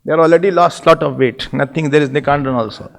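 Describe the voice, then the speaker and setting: A man's voice: fairly high pitch, fast, vocal fry. A man with an Indian English accent giving a spiritual sermon, telling stories and voicing the figures in them. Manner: animated storytelling, voicing figures in dialogue. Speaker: spiritual teacher.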